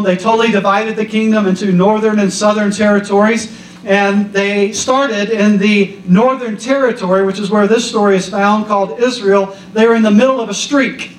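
Relaxed male pastor preaching in a roomy church. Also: high-pitched, a little hiss or hum. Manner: casual storytelling with a joke. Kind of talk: sermon. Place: church hall. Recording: roomy echo from a distance.

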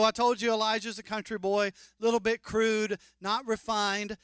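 Male pastor, high and smooth, lively joking sermon delivery, close dry mic. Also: normal speed, dry recording. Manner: animated, joking, mock-incredulous asides.

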